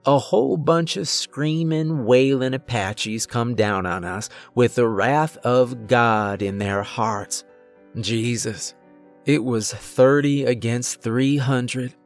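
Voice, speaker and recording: A gruff, worn-out Old West outlaw, put on by a male narrator, drawling his words rough and blunt with a bitter edge. He takes his time, each phrase dragged out slow and heavy, over faint music. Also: mid-range voice, close to an everyday voice.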